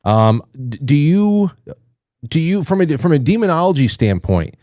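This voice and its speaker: Male host, mellow tone, halting questions, dry sound. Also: on the high side, very animated, dry recording. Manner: halting and searching, with joking asides. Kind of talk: interview questions.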